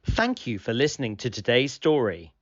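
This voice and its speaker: A man reading a children's picture book aloud in an animated, expressive storytelling manner. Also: medium pitch, moderate pace, muffled recording.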